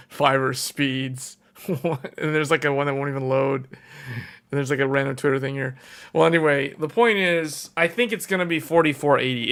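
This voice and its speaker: A man hosting a casual tech livestream, thinking out loud and often correcting himself mid-sentence. His voice sits a bit higher than most men's, and he talks loosely and conversationally, with the odd chuckle.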